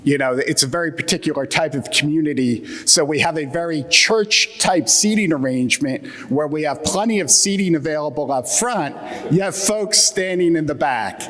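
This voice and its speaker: A man's voice: on the high side, moderate pace, fairly bright tone. A man with an Atlantic Midland American accent giving a wry, joking conference keynote with frequent fillers. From United States. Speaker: keynote speaker. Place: large conference hall. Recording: long hall reverb.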